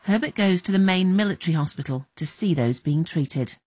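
Female documentary narrator, low slightly husky voice, measured read, dry booth sound. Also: lively intonation, darkish tone, no echo. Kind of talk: scripted narration.

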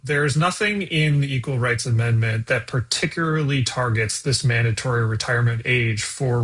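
A man's voice: medium pitch, a bit bright, slightly rough. A man joining a radio interview remotely as a legal expert, explaining a ruling precisely with occasional fillers. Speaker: lawyer guest. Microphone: remote connection.

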